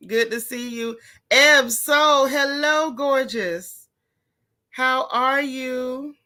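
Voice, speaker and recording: A woman's voice: sits high, very slow, bright, forceful tone. A middle-aged woman hosting a casual livestream, chatting and greeting viewers by name with easygoing slang. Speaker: livestream host.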